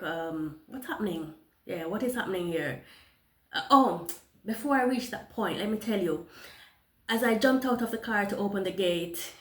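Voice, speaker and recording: A woman telling a personal testimony, animated, with many restarts and acted-out dialogue. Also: medium pitch, echoey room. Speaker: motivational storyteller.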